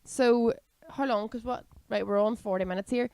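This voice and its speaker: A woman's voice: a little high, fairly even intonation, moderate pace, vocal fry, a little mellow, smooth, dry recording. Wry Northern Irish woman, podcast co-host. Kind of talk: casual podcast chat.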